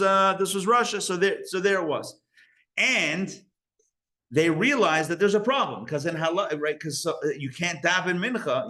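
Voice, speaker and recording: A male rabbi telling a story in a live Torah class, conversational and animated, often restarting his sentences and using Yiddish and Hebrew religious terms. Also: a little high.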